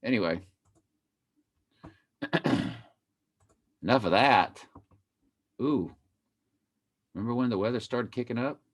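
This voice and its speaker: A man's voice: medium pitch, expressive, takes it slowly, pauses often. A man giving casual, playful commentary over a video he plays, repeating phrases in a mock chant and breaking into sudden exclamations.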